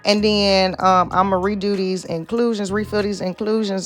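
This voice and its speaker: A woman's voice: medium pitch, fairly even intonation, normal speed. A young woman vlogging in a casual, chatty way, swearing freely and calling her viewers honey and y'all. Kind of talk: casual vlog chat. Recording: background music under the voice. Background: background music.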